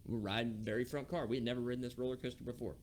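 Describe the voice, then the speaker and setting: A man's voice: mid-range voice, rapid-fire, a little hiss or hum. A man co-hosting a podcast, telling a family story in casual, rambling chat full of fillers and restarts. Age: adult parent. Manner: animated, rambling with many fillers and self-corrections. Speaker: podcast co-host.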